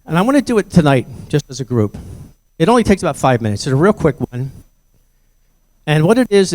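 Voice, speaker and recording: A man's voice: mid-range voice, a little mellow. An older man giving a conversational presentation to parents about bullying prevention, telling stories from his own life. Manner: conversational storytelling, acting out voices in anecdotes.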